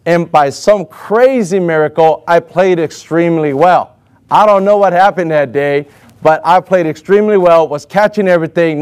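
A man telling a personal story to an audience in an animated way, acting out what other people said. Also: on the high side, clear, resonant tone. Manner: animated, acts out other people's lines in raised voices. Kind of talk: personal anecdote told to an audience.

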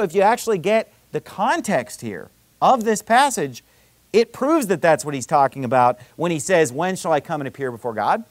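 High-voiced preaching man, emphatic. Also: no room sound. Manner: emphatic preaching, quoting scripture with rising intensity. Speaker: pastor. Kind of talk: sermon.

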